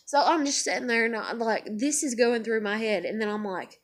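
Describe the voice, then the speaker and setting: A young woman rants furiously into the camera, cursing at every turn. Her fairly high voice jumps from shouting bursts to low, seething mutters. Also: a little fast, few pauses. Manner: profane, ranting, swings between loud outbursts and low muttering. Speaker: vlogger. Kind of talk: angry venting monologue.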